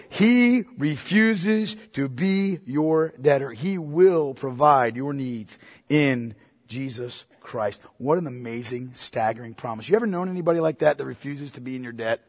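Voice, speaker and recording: A man preaching a sermon as pastor, emphatic and repetitive, swinging between loud and hushed delivery. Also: fairly high pitch, big-room sound.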